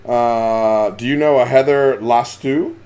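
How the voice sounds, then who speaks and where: A man's voice: medium pitch, takes it slowly, a little mellow. A man hosting a casual live stream about fishing, chatting and reading out the names of viewers as they join.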